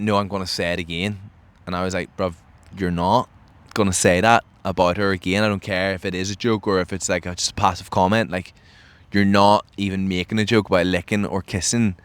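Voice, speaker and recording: A man's voice: fairly low pitch, no room sound. Young man telling a story. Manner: animated storyteller who acts out quotes, many fillers. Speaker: podcast host. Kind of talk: casual storytelling rant.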